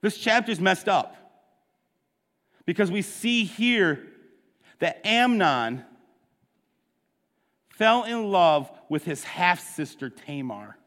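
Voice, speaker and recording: A man with a fairly high voice preaches a sermon in a church sanctuary. He retells the story in a loose, conversational way, breaking off for asides to his listeners. His voice rings out with the long reverb of a large hall. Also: a bit bright. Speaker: pastor.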